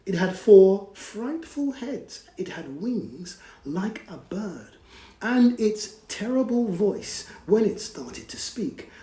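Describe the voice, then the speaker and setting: A man reads a bedtime picture book slowly and expressively, his pitch leaping around as he hushes to whispers and asks children to join in. The room has a noticeable echo. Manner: animated, drops to whispers, invites children to join in. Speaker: children's storyteller. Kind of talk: read-aloud storytime for children.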